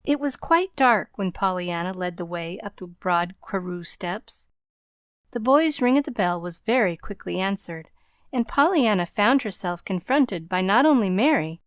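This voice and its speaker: A woman narrating a novel in a calm, measured storytelling voice. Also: mid-range voice, no room sound. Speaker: audiobook narrator. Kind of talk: scripted narration.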